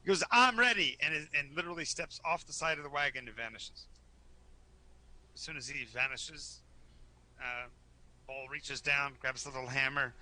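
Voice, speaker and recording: Male game master, very bright tone, stammery live storyteller. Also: mid-range voice, fairly even intonation, moderate pace, pauses often. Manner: stammering, repeats words, storytelling. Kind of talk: narrating a live tabletop game.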